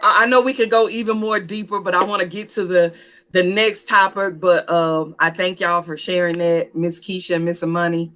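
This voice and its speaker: A woman's voice: lowish voice, steady tone, normal speed, a bit bright, slight background noise. A woman hosting a church panel talk, playful and coaxing as she calls out to the audience.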